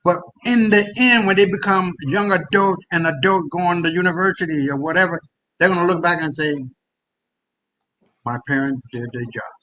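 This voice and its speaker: Emphatic, high, bright-voiced man. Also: moderate pace, low-quality recording. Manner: emphatic and profane, repeats words as he builds. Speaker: discussion panelist. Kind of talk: impassioned exhortation.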